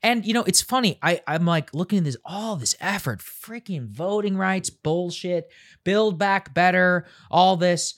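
A man's voice: sits high, a little slow, fairly bright tone. A man co-hosting a political podcast, blunt and casual, swearing freely. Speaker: podcast co-host. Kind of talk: conversational political discussion.

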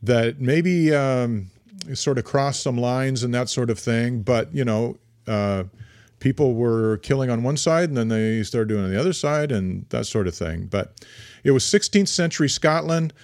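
An older man co-hosting a podcast in casual chat, halting with many fillers and restarts, teasing his partner. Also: mid-range voice, darkish tone, no room sound, clean studio sound. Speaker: podcast co-host. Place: small home studio. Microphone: studio microphone.

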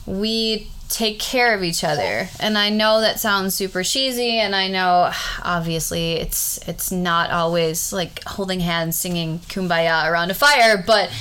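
Bright, smooth-voiced woman principal. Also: medium pitch. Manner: heartfelt, rambling with restarts. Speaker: school principal. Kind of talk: casual conversation.

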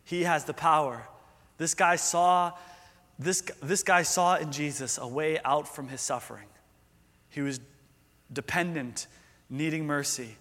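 A man's voice: on the high side, steady tone, a little slow, long pauses, a bit bright, big-room sound. A man preaching a sermon in an earnest, conversational way, full of rhetorical questions. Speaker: pastor.

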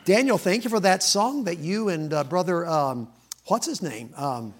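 A man's voice: high-pitched, lively intonation, moderate pace. A middle-aged man, preaching as a guest and joking with the congregation. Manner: folksy, joking, laughing between lines. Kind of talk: sermon with joking opening remarks.

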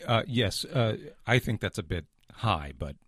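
Straight man, lowish pitch, deadpan and polite, dry close sound. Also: unhurried, no room sound. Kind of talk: comedy sketch banter.

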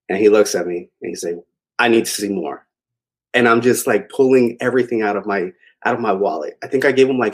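A young adult man telling a long personal story in a casual, rambling way, with many fillers. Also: fairly low pitch. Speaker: interview guest.

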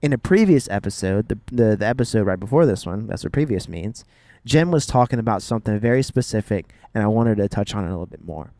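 A man's voice: on the low side, expressive, fast, dark tone, no room sound, clean studio sound. Slangy, joking male podcast co-host. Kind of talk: casual chat.

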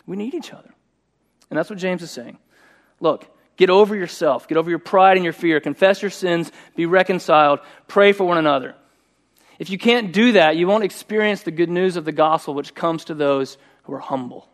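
A middle-aged man preaching a sermon, telling a personal story in a conversational, animated way. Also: fairly high pitch, a little fast. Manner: conversational and animated, voicing quoted speech. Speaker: pastor.

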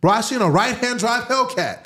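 A man in his early thirties, a podcast guest telling stories in a slangy, profane, animated way and acting out the scenes. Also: extremely high pitch, normal speed. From United States. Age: early 30s. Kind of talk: casual podcast storytelling.

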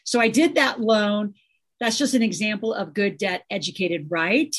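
A middle-aged woman speaking as a guest in a casual interview, emphatic and animated, full of fillers. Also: medium pitch, normal speed, husky. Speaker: guest, financial educator.

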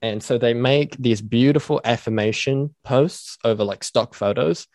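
A man co-hosts a podcast, his voice sitting in a middle pitch. He talks animatedly, swears freely and gets worked up over small things. The recording is dry and close on a desk microphone. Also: normal speed, a little mellow, no room sound. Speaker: podcast co-host. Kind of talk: casual chat and reading listener questions.

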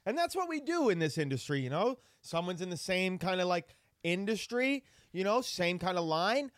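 A man's voice: high voice, big pitch swings, moderate pace, no room sound, studio quality. A man co-hosting a podcast, bantering loosely and profanely with friends. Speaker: podcast co-host.

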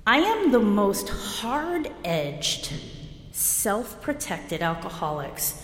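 A woman's voice: mid-range voice, big pitch swings, extremely slow. Blunt woman in an echoey hall. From New Jersey. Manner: blunt, self-deprecating and wry, with bursts of laughter. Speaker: recovery meeting speaker. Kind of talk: candid personal share at a meeting. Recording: echoey hall with long reverb.

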